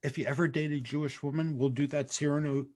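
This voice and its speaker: A man hosting a comedy podcast, chatting casually and telling stories in an animated, joking way. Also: a little high, fast talker. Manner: animated, jokey storyteller. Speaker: podcast host.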